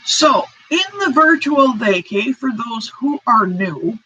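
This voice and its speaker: Slow, apologetic woman chatting on a live stream. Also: a little high, big pitch swings, bright, forceful tone, husky. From United States. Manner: apologetic, rambling, reads chat aloud. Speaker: crochet channel host. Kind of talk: casual live-stream chat. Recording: dull lo-fi stream audio.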